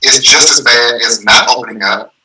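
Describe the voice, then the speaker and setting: A man's voice: mid-range voice, moderate pace, sharp tone, distant mic, poor audio. A man in a casual talk about marriage, speaking earnestly and repeating words as he works through a thought.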